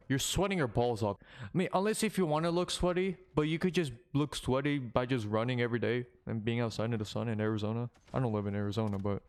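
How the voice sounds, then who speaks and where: A young man from Korea gives loud, blunt reaction commentary, swearing freely and laughing between points. His voice sits at an ordinary middle pitch for a man. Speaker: commentary YouTuber.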